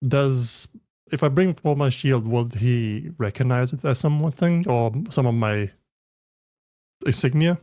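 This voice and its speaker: A man's voice: medium pitch, a little slow, darkish tone, no echo, clean studio sound. Man casually playing a tabletop game. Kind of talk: casual in-character play.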